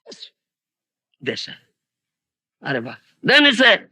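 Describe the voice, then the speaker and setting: Man, spiritual lecture, very high sharp voice, husky, emphatic rhetorical questions. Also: wildly swooping pitch, normal speed, long pauses, no echo, poor audio. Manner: emphatic, rhetorical, repeatedly asks "huh?". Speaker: spiritual teacher. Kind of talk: religious lecture.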